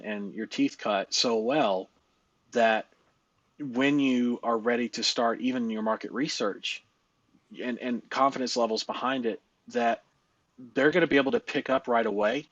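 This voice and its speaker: A man's voice: mid-range voice, a bit bright, no echo, highs cut off. Blunt, swearing male coach, dry sound. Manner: blunt and profane, laughing often, with frequent fillers. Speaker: live-stream business coach. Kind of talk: casual coaching talk.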